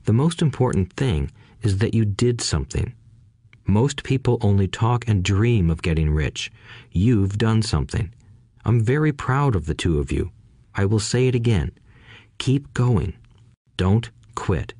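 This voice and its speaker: A man reading the part of a kind, gentle schoolteacher father who explains things patiently. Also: fairly low pitch, animated, unhurried, no echo, studio quality. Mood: gentle encouraging. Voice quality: soft, patient. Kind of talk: audiobook reading.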